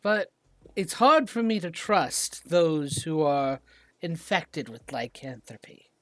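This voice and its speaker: A game master voicing Dorbo, a proud male deep gnome warrior leader who speaks sternly, with hesitant fillers, on a dry close mic. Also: big pitch swings, slow pace, dry recording.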